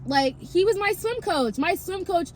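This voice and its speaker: A twenty-year-old woman telling a casual story time, rambling with lots of filler, swearing and sudden pitch jumps. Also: animated, unhurried, a little hiss or hum. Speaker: vlogger.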